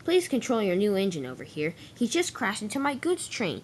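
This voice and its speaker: A woman's voice: mid-range voice, big pitch swings, a little fast, a little hiss or hum, close to an everyday voice. A woman voicing a haughty male engine complaining about a crash. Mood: indignant. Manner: complaining, indignant.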